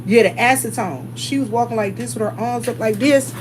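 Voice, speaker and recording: A woman's voice: on the high side, a little fast, noisy background. Chatty woman vlogger telling stories. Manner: chatty, laughs often, talks to viewers as y'all. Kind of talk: casual storytelling.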